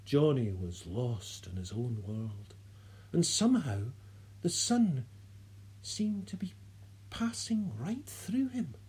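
A narrator reading a story aloud in a soft, unhurried way, sometimes dropping to a whisper. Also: medium pitch, sing-song, slightly rough. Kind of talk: audiobook narration.

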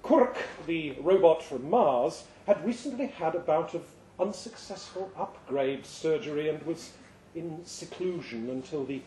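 A man giving a lively, expressive live reading of a short story at a pub event. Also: fairly high pitch, unhurried, slight background noise. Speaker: reader. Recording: roomy live venue sound.

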